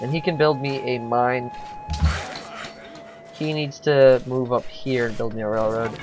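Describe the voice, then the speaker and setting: A man's voice: mid-range voice, fairly even intonation, a little slow, music in the background. Casual man musing over a strategy game. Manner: thinking aloud, hesitant with frequent ums. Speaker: let's play commentator. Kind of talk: casual gameplay commentary.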